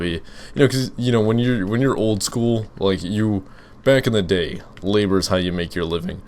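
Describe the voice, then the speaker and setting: A man's voice: sits low, brisk, a little hiss or hum. Young man rambling through gaming Q and A. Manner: rambling, full of fillers and restarts. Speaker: gaming YouTuber. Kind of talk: casual Let's Play commentary with Q and A.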